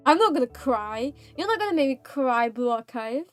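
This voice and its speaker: A woman's voice: sits high, lively intonation, normal speed, music in the background. A woman streaming a story game, reacting in a playful, dramatic, jokey way. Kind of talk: casual gaming stream commentary.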